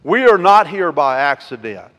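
A male pastor preaching a sermon. He swings between loud, emphatic declarations and quiet, intimate asides, and asks the congregation rhetorical questions. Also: on the high side, very animated, moderate pace. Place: church sanctuary. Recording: long hall reverb.

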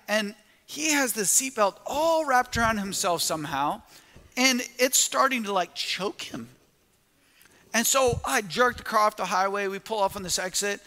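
A man's voice: high voice, sharp tone, long reverb tail. A man preaching a sermon, telling a story with quoted asides and frequent restarts.

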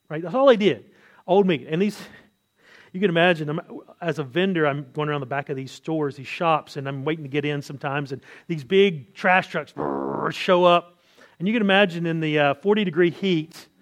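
A man preaching an expository sermon in a conversational way, asking rhetorical questions and often restarting his sentences. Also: a little high.

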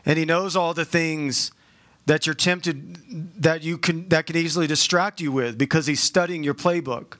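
Male pastor, casual joking sermon delivery, slightly high voice. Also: steady tone, moderate pace, fairly bright tone. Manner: conversational, joking asides, many restarts.

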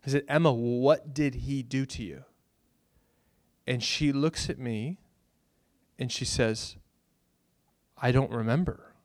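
A pastor, preaching a sermon and telling stories with bursts of loud excitement. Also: male voice, medium pitch, takes it slowly, long pauses, no echo, studio quality.

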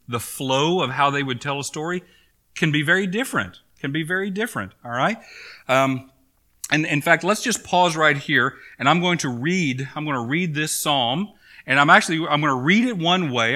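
Bright-voiced pastor preaching casually. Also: male voice, fairly high pitch. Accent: Maine. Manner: conversational preaching with frequent fillers and "okay?" check-ins. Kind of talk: sermon.

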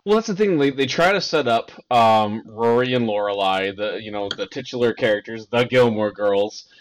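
A man's voice: on the low side, moderate pace, a little hiss or hum. A young man hosting a podcast in a casual, jokey chat, rambling and laughing often as he talks. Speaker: podcast host.

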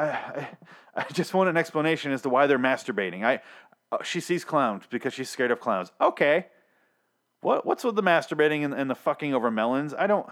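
A man's voice: medium pitch, a bit bright. A man recapping a TV episode in a casual monologue, swearing often and ranting in exasperation, with frequent fillers. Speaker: TV episode reviewer.

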